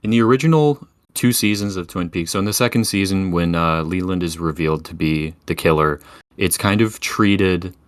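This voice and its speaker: A man talking casually about a film on a podcast, relaxed and hedging, with small chuckles. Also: deep voice, moderate pace, no room sound. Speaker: podcast co-host or guest.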